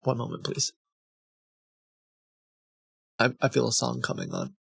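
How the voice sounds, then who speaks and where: A man's voice: medium pitch, a little slow, vocal fry, husky, dry recording, clean studio sound. A man streaming live, making casual, amused asides between readings.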